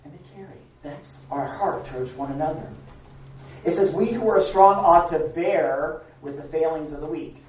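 A woman's voice: deep voice, normal speed, darkish tone. Woman preacher, conversational sermon, chatty restarts, muffled lo-fi sound, faint background noise. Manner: chatty, candid, frequent restarts. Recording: echoey dull recording from a distance.

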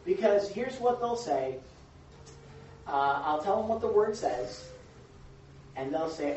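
A pastor delivering an animated, emphatic sermon to his congregation, often repeating words as he drives a point home. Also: high voice, takes it slowly, vocal fry, pauses often. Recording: echoey hall from a distant, dull mic.

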